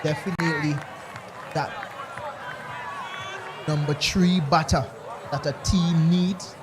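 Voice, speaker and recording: A man's voice: fairly high pitch, fairly even intonation, takes it slowly. A man commentating live on a cricket match, chatty and bantering with his partner. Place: outdoor cricket ground. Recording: loud crowd and outdoor noise.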